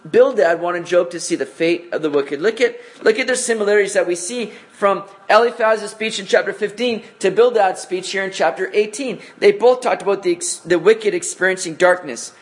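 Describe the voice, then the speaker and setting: A man teaching a conversational evening Bible study, casual in tone and often asking his listeners rhetorical questions. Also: high-pitched.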